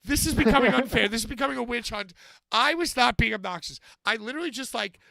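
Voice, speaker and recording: A man telling a story on a podcast, animated, swearing often and acting out moments. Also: very high-pitched, fast talker, creaky, no echo. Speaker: podcast co-host. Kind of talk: casual comedic storytelling.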